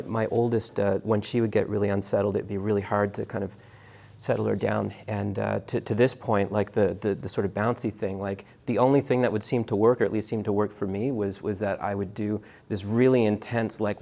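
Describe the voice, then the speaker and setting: A middle-aged man with a low, gravelly voice gives a university lecture. He talks in a halting, conversational way, full of restarts and fillers, and often turns to ask his students questions. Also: darkish tone.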